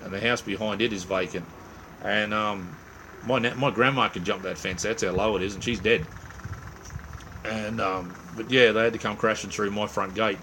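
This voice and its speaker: A man's voice: on the low side, fairly bright tone, slight background noise. An Australian man hosting a late-night livestream, rambling casually to viewers with lots of fillers and friendly slang, tired from little sleep. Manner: rambling and laid-back, heavy on "mate" and "um". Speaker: livestream host. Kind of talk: casual live-chat with viewers.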